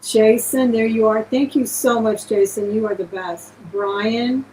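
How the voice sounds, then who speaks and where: Brief: effusive woman hosting a live online sale, a touch high-pitched, chatty and grateful. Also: steady tone, a little slow, dark tone, a little hiss or hum, low-quality recording. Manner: effusive, gushing thanks to viewers. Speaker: live-stream auction host. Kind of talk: casual live-stream selling chat.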